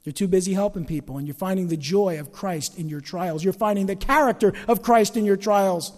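A pastor preaching a sermon, swinging between loud emphatic lines and quiet asides. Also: male voice, sits high, fairly quick, big-room sound.

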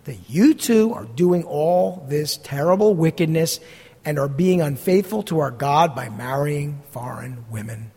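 A high-voiced pastor preaching in a big reverberant hall. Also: male voice, measured pace, a little mellow, breathy edge. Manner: earnest, emphatic, blunt. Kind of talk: sermon.

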